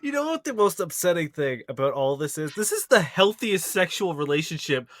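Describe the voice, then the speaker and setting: A man's voice: on the high side, sing-song, a little fast, a bit bright, dry recording, studio quality. A man co-hosting a comedy podcast, reacting to what is read with incredulous, exasperated comments. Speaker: podcast co-host. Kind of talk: casual comedic banter.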